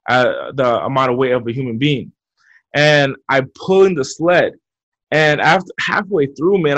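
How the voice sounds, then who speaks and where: A man giving motivational advice as a podcast guest, talking in an energetic coaching way with frequent repeats. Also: medium pitch. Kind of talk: motivational interview talk. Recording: muffled lo-fi audio.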